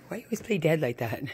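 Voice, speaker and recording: A woman talking to her pet dog in doting baby talk, often climbing high, in a home video. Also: darkish tone, slightly rough. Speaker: pet owner.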